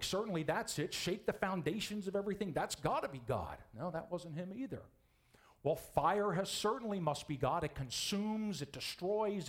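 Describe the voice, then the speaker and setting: A male pastor preaching a sermon to his church, animated and acting out the voices he quotes. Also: on the high side. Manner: animated, acts out quoted voices, chuckles often.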